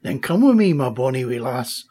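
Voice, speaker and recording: Brief: brusque Scottish Highland chieftain egg, aloof and proud, husky, lively lilt, read by a man. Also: moderate pace. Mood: hearty.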